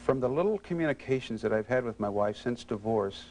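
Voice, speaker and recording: A man in a counseling interview speaking haltingly, with many stammered restarts and anger he is holding back. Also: mid-range voice, expressive, darkish tone, slight background noise, rough recording. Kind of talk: halting emotional disclosure.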